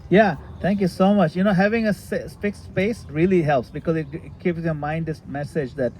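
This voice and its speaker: A man leading a retreat session, explaining a practice in a relaxed, casual way and sometimes laughing at his own jokes. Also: on the high side, normal speed, poor audio. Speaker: retreat leader answering questions. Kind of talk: casual teaching in a group session. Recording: faint background noise.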